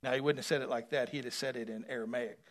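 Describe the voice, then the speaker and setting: This male pastor has a medium-pitched voice with fairly even intonation and a quick pace. During his sermon he swings from quiet asides to loud, rising appeals, calling for the congregation to respond.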